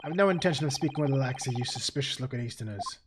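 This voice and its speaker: A man voicing a gruff, suspicious Scottish male prison governor in a hostile, threatening brogue, reading game dialogue aloud. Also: mid-range voice, racing, noisy background, close to an everyday voice.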